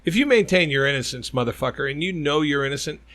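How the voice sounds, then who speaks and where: A man's voice: on the high side, expressive, quick pace, a bit bright. A man co-hosting a casual podcast, swearing freely and telling jokes and stories. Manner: profane, storytelling, joking. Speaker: podcast co-host.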